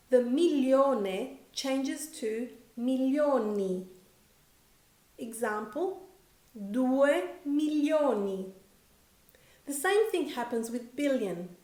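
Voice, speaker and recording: Slow, careful woman teaching a lesson. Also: a little high, warm tone. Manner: slow, clear, careful enunciation of example words. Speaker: language teacher. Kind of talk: scripted grammar lesson. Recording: roomy echo.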